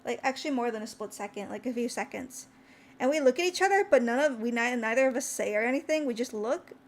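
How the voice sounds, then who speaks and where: Bubbly high-voiced young woman telling a story. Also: fast. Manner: chatty, animated, acts out quoted lines with pitch jumps. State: tired. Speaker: VTuber streamer. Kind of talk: casual storytelling stream.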